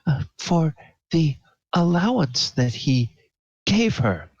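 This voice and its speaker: A man voicing a resentful young townsperson, speaking in a hushed, halting way. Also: sing-song, dry recording, full character voice. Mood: bitter, hushed. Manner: hushed, halting, rising pitch. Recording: dull lo-fi audio.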